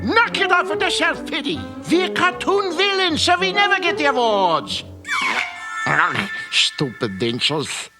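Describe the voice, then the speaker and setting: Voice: high voice, wildly swooping pitch, a little slow, loud music behind the voice, exaggerated voice. A performer voicing a grumpy old cartoon villain with dentures, scolding.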